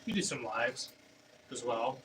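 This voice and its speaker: An unhurried, animated man with a medium-pitched, pushed, bright voice streams himself at the pottery wheel, chatting casually with viewers as he throws. He wanders and hesitates, restarting sentences and leaning on fillers, while a distant mic captures the studio's faint room noise.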